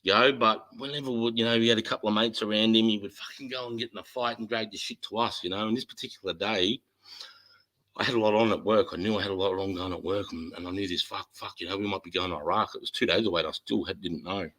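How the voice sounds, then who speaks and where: An Australian man spins a rough, profane yarn with lots of energy. His voice sits a little low yet cuts through bright and forceful. He talks loosely and casually, like someone sharing stories with a mate. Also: quick pace, rough recording. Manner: animated, swears heavily. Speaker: host. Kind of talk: casual chat, storytelling.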